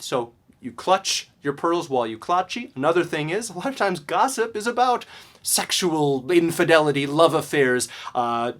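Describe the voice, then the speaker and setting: A man teaching a video grammar lesson, explaining in a lively way and often checking in with "okay?". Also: fairly high pitch. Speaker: language teacher.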